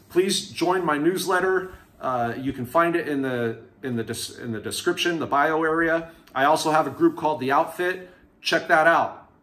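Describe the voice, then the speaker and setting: A man telling his own prison stories to camera in a casual, candid way, acting out the people he quotes. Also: on the high side. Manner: candid, animated retelling with quoted voices.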